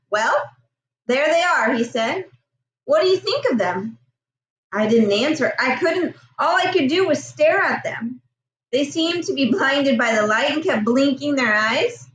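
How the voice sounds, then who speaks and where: A woman with a high voice reads a novel aloud in a gentle, steady storytelling manner. The recording has a roomy echo, and she sits some way back from the mic. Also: recorded from a distance. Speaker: reader.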